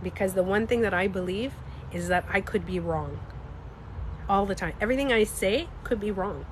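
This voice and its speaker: A woman with a slightly stuffy nose, chatting casually on a livestream. She talks in an animated, emphatic way, swears freely and speaks to her viewers. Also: mid-range voice, moderate pace, slight background noise. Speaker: livestreamer and beauty coach.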